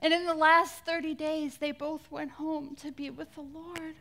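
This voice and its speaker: A woman with a high, bright, ringing voice gives a slow, deliberate inspirational Christian talk. She speaks dramatically, letting her voice fall to hushed near-whispers and then lifting it again. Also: flat delivery. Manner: dramatic, drops to near-whispers for quoted words. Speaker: conference speaker.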